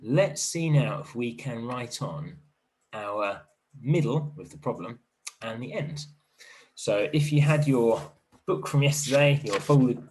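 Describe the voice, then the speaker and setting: A man teaching an online primary literacy lesson in a gentle, encouraging way, thinking aloud as he writes. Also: medium pitch, a little hiss or hum.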